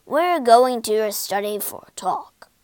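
A woman voicing a stern but kindly old male badger who speaks slowly and firmly. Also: medium pitch, sing-song, a little mellow, no room sound.

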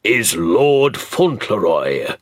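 A man voicing a stern but softening elderly earl, speaking slowly and deliberately in a husky, low voice. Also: very animated, no room sound, full character voice. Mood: grave, tender. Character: stern old earl softening, male, aristocratic.

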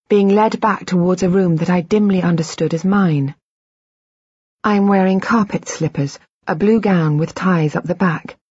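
A woman reading an audiobook in the first person, in a measured, quiet and introspective way. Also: mid-range voice, husky, dry recording, lo-fi sound. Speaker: audiobook narrator. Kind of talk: scripted audiobook narration.

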